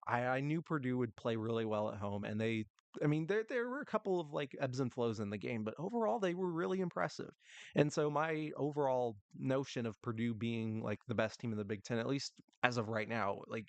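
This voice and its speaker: Gravelly young man hosting a sports podcast. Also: medium pitch, dry recording. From United States. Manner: rambling, self-interrupting, laughs at himself. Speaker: podcast host. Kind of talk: solo casual sports talk.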